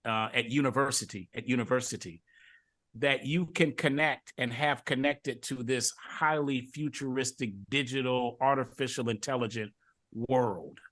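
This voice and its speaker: Man, middle-aged, from Detroit, podcast host, bright tense tone, stop-start rambling. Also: mid-range voice, normal speed. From Detroit, USA. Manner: repeats words and restarts often, relaxed storytelling. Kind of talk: casual interview chat.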